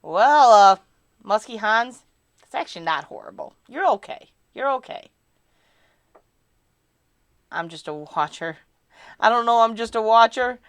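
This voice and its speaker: A woman's voice: a little high, animated, unhurried, pauses often, clean tone, dry recording. A woman chatting casually on a live stream, answering her chat in a rambling, candid and self-deprecating way.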